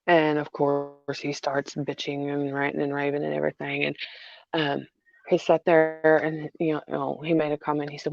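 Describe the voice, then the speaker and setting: A mother talking through a hard personal story in a halting way, repeating herself with many fillers. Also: sits low, completely flat delivery, gravelly, darkish tone, dry recording, dull audio. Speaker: mother vlogger. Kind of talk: emotional personal vlog.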